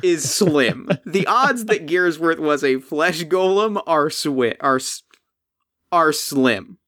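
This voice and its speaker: A man narrating a tabletop game as game master, slow and hesitant with many restarts. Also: a little high, lively intonation, sharp tone.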